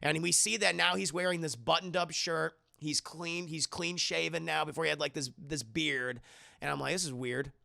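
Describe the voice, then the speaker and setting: Gravelly, excitable streamer recapping a film. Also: male voice, fairly high pitch, normal speed, dry recording, clean studio sound. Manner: excitable and profane, keeps addressing the chat. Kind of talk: animated spoiler recap to a live chat.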